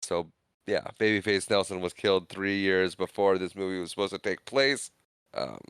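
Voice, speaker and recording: A man's voice: sits low, animated, moderate pace, fairly bright tone, clean tone, no room sound. A man co-hosting a podcast, chiming in with short questions and dry remarks in casual film talk. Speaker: podcast co-host.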